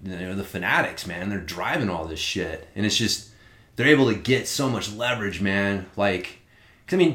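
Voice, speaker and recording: A man in casual podcast chat, talking in an animated, rambling way and swearing often. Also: mid-range voice. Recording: roomy echo.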